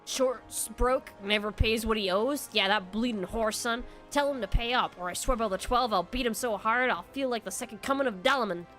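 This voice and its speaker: A woman's voice: fairly high pitch, normal speed, few pauses, a bit bright, soft background music, natural voice. Woman doing a coarse threatening street thug. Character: menacing male street thug making threats.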